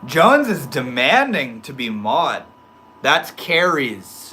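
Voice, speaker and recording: A man's voice: medium pitch, big pitch swings, slow, sharp tone, a little hiss or hum. A man hosting a casual live stream, reading the chat aloud, joking around with slang and laughing often. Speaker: livestream host reading chat.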